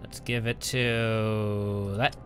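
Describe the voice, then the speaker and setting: A man talking his way through a game at his home computer, in casual let's-play commentary. He chats along and reads item stats aloud as he goes. Game music plays clearly behind his voice. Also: on the low side, little pitch movement, drawn-out words, fairly bright tone. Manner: chatty, reads out item stats, mutters at enemies. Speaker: gaming channel host.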